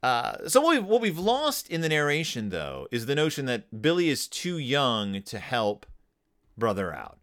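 Lively, animated man discussing a picture book. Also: mid-range voice. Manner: lively, halting with many restarts and fillers. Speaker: podcast host.

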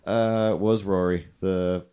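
A man's voice: low-pitched, steady tone, slow pace, mellow, clean tone. Rambling jokey male podcast host. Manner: rambling, jokey, self-deprecating. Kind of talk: casual chat.

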